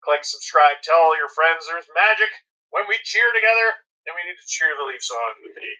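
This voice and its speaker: A man's voice: fairly high pitch, lively intonation, normal speed, sharp tone, poor audio. A man hosting hockey game commentary, playful and joking, with mock sponsor reads. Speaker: hockey broadcast host. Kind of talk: comedic live game commentary.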